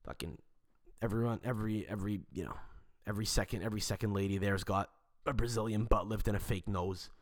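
A man's voice: lowish voice, fairly even intonation, fast talker. A man, hosting a podcast and telling a rambling, profane story in casual chat. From Montreal, Canada. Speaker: podcast host.

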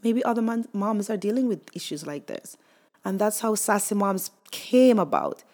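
A woman's voice: medium pitch, big pitch swings, moderate pace, a little mellow. A young woman telling her own story as a mother, candid and emotional, with many fillers. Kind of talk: personal testimonial.

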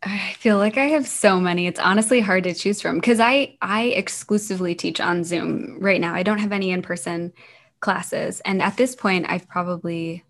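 A woman who teaches young children online, telling stories from her classes in a casual, animated way. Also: medium pitch, moderate pace. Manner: animated, acts out the children's lines. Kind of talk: casual interview storytelling.

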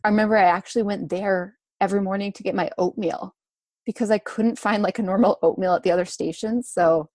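A woman's voice: mid-range voice, fairly quick, no room sound, studio quality. Chatty young woman interview guest. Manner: relaxed and chatty, many fillers, laughs easily. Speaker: guest, runner and food blogger. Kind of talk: casual interview.

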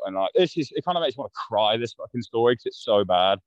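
A man's voice: mid-range voice, lively intonation, fast, dry recording. A man, a podcast guest telling a story in a blunt, rambling, swear-heavy way. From London. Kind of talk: casual storytelling. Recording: dull, dry lo-fi podcast audio.

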